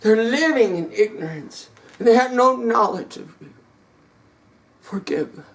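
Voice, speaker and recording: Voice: medium pitch, expressive, a little slow. Preacher voicing Jesus, anguished prayer. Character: Jesus on the cross, male, suffering.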